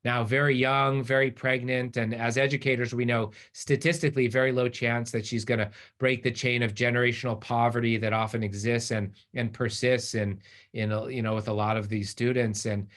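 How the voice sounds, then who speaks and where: Middle-aged guy giving a keynote, animated storyteller, normal pitch. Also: a little fast. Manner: animated storyteller, acts out voices in quotes. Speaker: keynote speaker.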